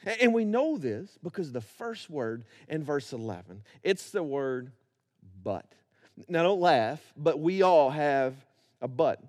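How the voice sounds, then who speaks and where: A man's voice: fairly high pitch, sing-song, a little slow, darkish tone. A man preaching a sermon, acting out biblical characters and building to rhythmic repetition. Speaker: pastor.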